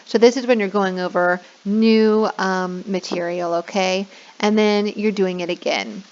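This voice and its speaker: A woman's voice: a little slow, a little mellow. Woman explaining a teaching platform, lo-fi. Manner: demonstrates a bubbly, high, sing-song teacher voice for children; says "okay?" often, checking in. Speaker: online English teacher trainer. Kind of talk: screen-share tutorial.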